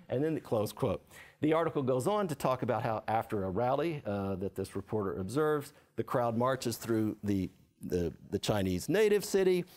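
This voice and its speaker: Male author giving an academic book talk, mid pitch, halting, heavy on fillers. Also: a little mellow. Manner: halting, many fillers and restarts; reads quotes aloud with lifted voice. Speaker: author and lecturer.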